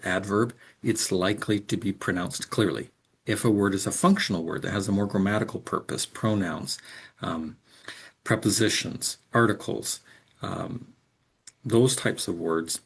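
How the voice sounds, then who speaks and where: Low gravelly-voiced male instructor. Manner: explanatory, frequent ums, demonstrates example sentences aloud. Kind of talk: recorded lecture.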